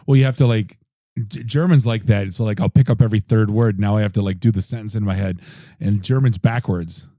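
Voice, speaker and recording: A man hosting a podcast, telling stories in a rambling, animated way with lots of fillers. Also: lowish voice, a little fast, no room sound, studio quality. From United States. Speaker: podcast host. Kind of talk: casual chat.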